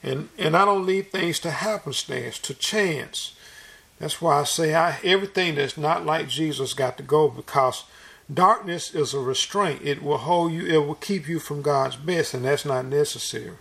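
A man's voice: on the high side, normal speed, creaky, fairly bright tone. A man preaching a sermon in an earnest, folksy, repetitive way, restarting his phrases often.

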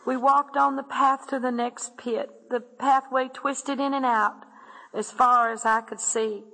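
Woman, earnest testimony narration, gravelly, somewhat high pitch. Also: fairly even intonation, unhurried, pushed and bright, in a large hall, low-quality recording. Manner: earnest, addresses listeners as "my friend". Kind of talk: dramatic testimony reading.

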